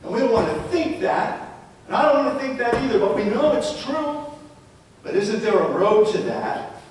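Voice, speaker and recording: Male presenter, higher-pitched, storytelling talk to parents and teachers, distant mic in a reverberant hall. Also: sing-song, normal speed. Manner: storytelling with rhetorical questions. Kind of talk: live public talk to parents and educators. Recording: echoey hall, distant mic, faint rumble.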